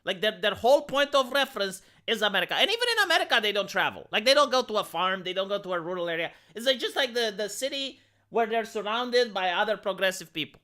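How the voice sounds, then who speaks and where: A man's voice: sits high, expressive, fast, bright, forceful tone. A man from Romania doing casual commentary on a live stream, stammering through restarts and lots of filler words. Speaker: live streamer reacting to a video.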